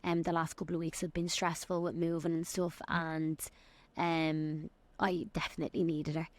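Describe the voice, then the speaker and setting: A young woman from Dublin with an Irish accent, hosting a solo podcast and giving an excited, rambling life update. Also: low voice, moderate pace, dry recording. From Ireland. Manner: excited, rambling, quotes people in little acted voices. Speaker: podcast host and fitness coach.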